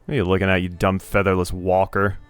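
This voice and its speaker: A man's voice: low-pitched, monotone, quick pace, smooth, no room sound, lightly acted. A man voicing a proud, zealous male gull in a video game, in a pompous, formal way with broken phrasing. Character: proud zealous talking gull, a male sea bird guard.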